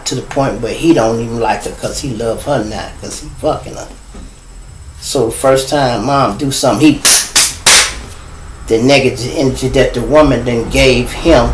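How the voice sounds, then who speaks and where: A man's voice: medium pitch, echoey room, a little hiss or hum, low-quality recording. A middle-aged man from Chicago with a Chicago accent, ranting bluntly and profanely to his viewers as host of a casual live stream.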